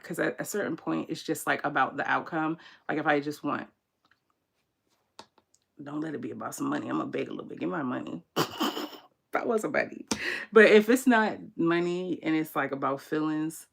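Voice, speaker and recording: Speaking fairly quickly in a low, gravelly voice, this young tarot reader runs her own channel and hosts a laid-back livestream. She laughs and throws in slang while sharing frank, lively stories with viewers.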